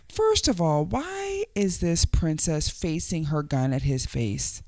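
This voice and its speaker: Lively, exasperated news-reaction vlogger. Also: medium pitch, unhurried, no room sound. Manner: exasperated, sighing and laughing, trips over hard words. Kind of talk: casual reaction commentary.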